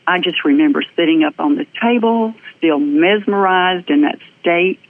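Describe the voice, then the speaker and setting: Southern lady guest telling her story, earnest and lively, lots of ums, sounds like a tinny phone call. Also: on the low side, normal speed. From American South. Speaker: guest, energy practitioner. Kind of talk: personal storytelling in an interview.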